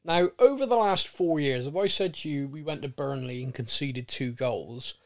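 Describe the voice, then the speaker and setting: A man's voice: a little high, normal speed, a little mellow. A man co-hosting a football podcast, bantering and teasing in casual chat. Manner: jokey, teasing, sarcastic banter. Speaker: podcast co-host.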